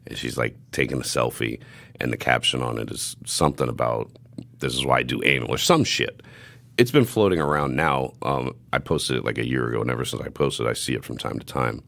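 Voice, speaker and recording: A man's voice: extremely low pitch, brisk, creaky, fairly bright tone, no echo. A young man hosting a podcast, telling stories in a profane, laughing, casual way. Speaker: podcast host.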